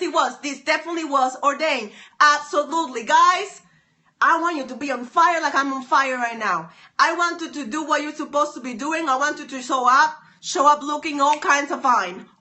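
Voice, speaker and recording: A woman live-streaming from her phone, giving an excited, emphatic motivational talk full of repeated lines. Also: sits high. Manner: emphatic, repetitive, preachy. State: excited and sweaty.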